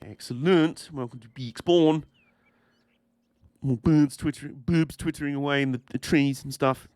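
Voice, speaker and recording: A man's voice: a little high, fairly even intonation, normal speed, darkish tone, no room sound. A young man chatting casually with viewers as he streams a game, chatty and sweary with a dry wit. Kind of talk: casual live-stream chat while gaming.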